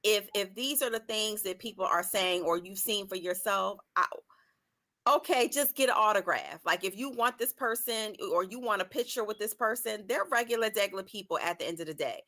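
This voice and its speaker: Bright-voiced chatty woman co-host. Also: mid-range voice, a little fast. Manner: chatty, filler-heavy, lively. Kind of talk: casual talk-show debate.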